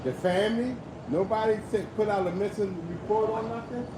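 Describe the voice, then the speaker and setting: A man, a cab driver, rants on a live stream, repeating himself over and over for emphasis. His voice sits a bit high for a man. Road noise from the car comes through clearly on the phone recording. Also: brisk. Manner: repetitive, emphatic, self-described loud mouth. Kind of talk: angry live-stream rant.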